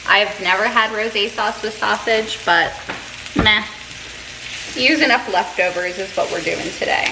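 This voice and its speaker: A woman's voice: mid-range voice, unhurried, reverberant, noisy background. A woman in her twenties from Quebec, chatting casually through a food vlog in her home kitchen, bubbly and self-deprecating. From Quebec, Canada. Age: 20s. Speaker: food vlogger.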